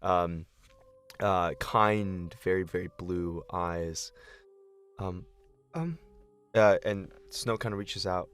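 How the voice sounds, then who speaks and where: A man's voice: low-pitched, takes it slowly, pauses often, a bit bright, smooth. A man narrating a tabletop game as game master, rambling with lots of fillers.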